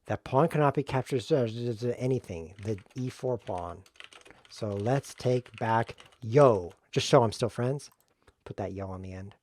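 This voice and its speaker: A man streaming a chess game, talking to himself in a jokey, excitable way as he plays. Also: medium pitch, moderate pace. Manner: jokey, excitable self-talk while playing. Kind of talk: live game commentary.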